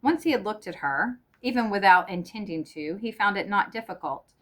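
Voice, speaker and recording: A woman narrating a short story in a measured, even audiobook reading. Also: mid-range voice.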